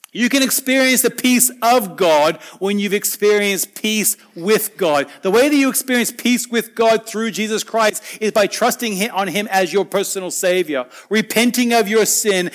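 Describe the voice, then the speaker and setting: A man preaching a sermon, earnest and conversational, swinging between loud emphatic lines and quiet soft asides. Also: high-pitched.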